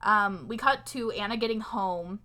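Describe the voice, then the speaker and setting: Sarcastic young woman with a bright voice. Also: mid-range voice, unhurried. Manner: sarcastic, blunt, swears. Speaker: podcast co-host. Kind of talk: casual movie recap chat.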